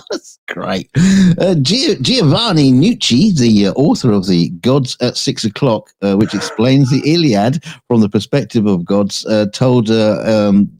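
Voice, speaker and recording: A man's voice: mid-range voice, expressive, takes it slowly, darkish tone. A man co-hosting a casual comedic news show, reading odd stories and joking between them with frequent laughs. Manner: laughs often, joking asides.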